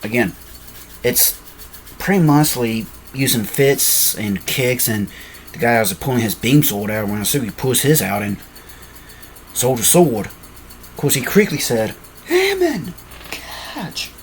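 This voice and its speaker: A man's voice: mid-range voice, measured pace, pauses often, slight background noise. A man casually telling a fan-made story, rambling and often correcting himself with apologetic asides.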